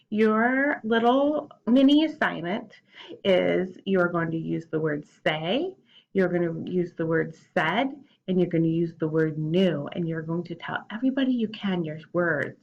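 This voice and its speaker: A woman teacher giving a remote phonics lesson to young children, slowly sounding out and spelling words. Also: on the low side, vocal fry. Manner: slow, drawn-out word sounding and spelling. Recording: dull lo-fi audio.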